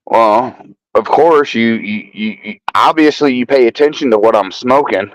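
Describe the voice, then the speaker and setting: A man on a live stream panel, talking loud and coarse in casual chat, shouting into his microphone. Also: mid-range voice, normal speed, dry recording, lo-fi sound.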